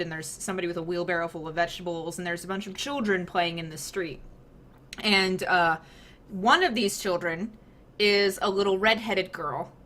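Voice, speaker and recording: A young woman narrating a tabletop fantasy game as the game master, describing the scene with relaxed fillers and hedges. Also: mid-range voice.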